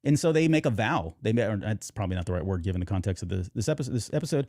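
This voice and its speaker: A man's voice: lowish voice, animated, racing, darkish tone, dry recording, clean studio sound. A man co-hosting a podcast in casual chat, rambling with many fillers and restarts. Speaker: podcast co-host.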